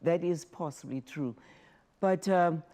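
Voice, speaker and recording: An older woman from Africa, a former talk show host telling stories in an emotional, animated way as an interview guest. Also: lowish voice, unhurried. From South Africa. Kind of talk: interview, personal storytelling.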